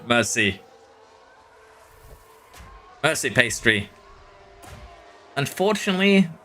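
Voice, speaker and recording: Bright-voiced Norwegian man streaming. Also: on the low side, a little hiss or hum. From Norway. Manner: relaxed, answers chat, chuckles often. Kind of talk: casual live-stream chat while playing.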